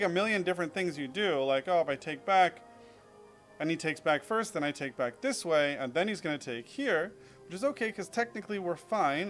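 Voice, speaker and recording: Rambling young man reviewing chess. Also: on the high side. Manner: rambling, filler-heavy, self-critical. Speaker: chess streamer reviewing his own game. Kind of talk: casual game review.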